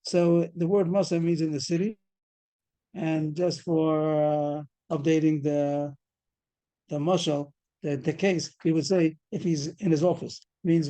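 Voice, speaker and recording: A man's voice: fairly high pitch, level tone, measured pace, mellow. A man teaching a Talmud class over a video call, explaining a case step by step and quizzing the students. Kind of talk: fast Talmud study lecture.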